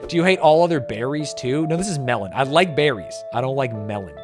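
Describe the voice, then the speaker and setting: A man's voice: mid-range voice, a little fast, music in the background. An American man reacting to video clips on a stream, joking, swearing and ranting in exaggerated bursts. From United States. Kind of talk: casual reaction commentary.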